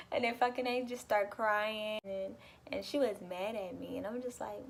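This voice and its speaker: A young woman telling a story in a casual vlog, animated and chatty, swearing freely and laughing often. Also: mid-range voice, moderate pace, vocal fry. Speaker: vlogger.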